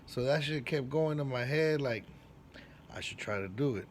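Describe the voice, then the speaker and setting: A man in a middle-pitched voice tells his own story in a loose, slangy way, with a faint hiss of noise behind him. He swears freely and jumps up in pitch and volume whenever he acts out what someone said. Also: normal speed. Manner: animated, acts out quoted lines with big jumps in pitch and loudness. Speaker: barber. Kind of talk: casual personal storytelling.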